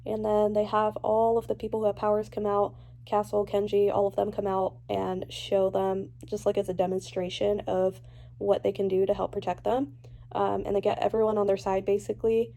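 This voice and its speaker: A young woman vlogging about a book she is reading, chatty and animated as she swings between gushing and ranting. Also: mid-range voice, normal speed, creaky. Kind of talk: casual reading reaction vlog.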